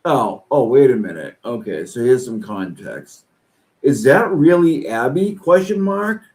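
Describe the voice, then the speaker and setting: A man streaming reaction commentary, ranting angrily and swearing. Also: poor audio. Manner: slow-paced, with lively pitch swings. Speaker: streamer reacting to online posts.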